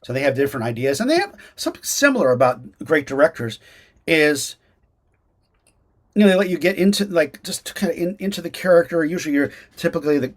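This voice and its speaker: This actor and acting teacher is a fast talker with a slightly high voice. In a casual video-call interview, his answers are animated and peppered with restarts and fillers.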